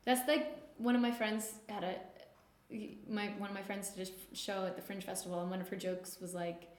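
A woman with a Canadian East Coast accent, chatting in a casual, animated way. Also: mid-range voice, a little fast. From Nova Scotia, Canada. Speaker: conversation partner. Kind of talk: casual chat. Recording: roomy echo.

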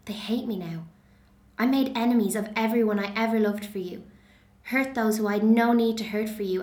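A woman's voice: mid-range voice, natural voice. A woman with a Dublin Irish accent acting a betrayed, bitter woman of Greek myth in a sarcastic stage monologue. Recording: echoey room.

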